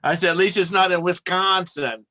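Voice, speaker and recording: A man's voice: high-pitched, fairly even intonation, normal speed, pushed and bright, no room sound. Middle-aged man, teasing and dry. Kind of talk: casual chat.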